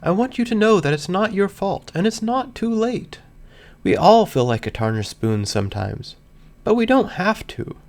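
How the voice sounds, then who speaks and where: Sweet coaxing pony girl, high and soft, kinda gravelly underneath guy doing the voice. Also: very animated, normal speed. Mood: gentle coaxing. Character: cheerful gentle pony mare, kindly coaxing.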